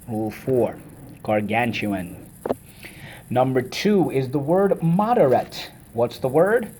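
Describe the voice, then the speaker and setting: Energetic male teacher drilling vocabulary. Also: mid-range voice. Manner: energetic, chants words syllable by syllable. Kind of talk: vocabulary lesson with call-and-response drills.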